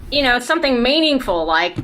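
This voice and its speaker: A woman from South Carolina, doing a dry stand-up set over a video call, with quick asides and mimicry. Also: high voice, sing-song, fairly bright tone, a little hiss or hum. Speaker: stand-up comedian.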